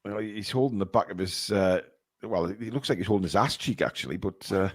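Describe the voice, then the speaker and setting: A man hosting live fan commentary of a football match, calling the play-by-play and bursting into shouts at big chances. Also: on the low side, expressive, fairly quick, breathy edge.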